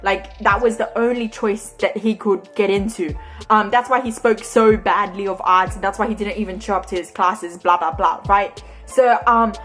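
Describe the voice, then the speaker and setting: A woman's voice: medium pitch, steady tone, moderate pace, a bit bright, soft background music. Chatty young Australian woman telling a story. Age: young adult. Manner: chatty, tags nearly every sentence with "right?". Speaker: vlogger. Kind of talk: storytime narration.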